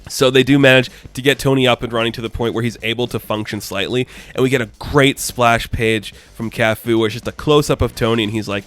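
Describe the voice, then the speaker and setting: A man's voice: medium pitch, fairly even intonation, a little fast, hardly any pauses, a bit bright. Enthusiastic man recapping a comic. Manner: enthusiastic, chatty, casual swearing, frequent laughs. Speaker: comic book reviewer. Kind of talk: casual comic book recap.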